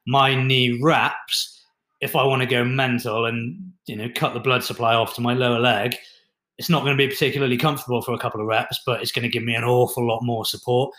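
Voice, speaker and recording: A man co-hosting a fitness talk, explaining lifting equipment in a relaxed, chatty way with many fillers. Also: mid-range voice, a little fast. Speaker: fitness podcast co-host. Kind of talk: casual explanatory chat. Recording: roomy echo.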